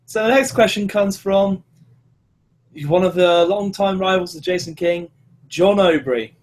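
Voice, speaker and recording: A man with a high voice hosts a casual podcast chat. He reads fan questions in a relaxed way and agrees easily with his guest. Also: measured pace. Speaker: podcast host.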